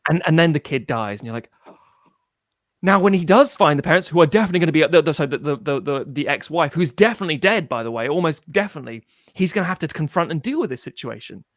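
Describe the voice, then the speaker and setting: A man in casual film chat, animated, swearing freely and mimicking people as he tells a story. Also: fairly high pitch, fast talker, no echo, studio quality. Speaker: podcast co-host.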